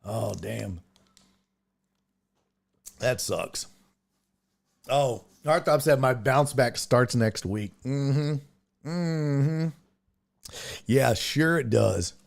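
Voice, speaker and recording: Gravelly, lively sports podcast host. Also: male voice, mid-range voice, drawn-out words, pauses often. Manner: playful teasing, reads fantasy league results. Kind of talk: casual sports chat.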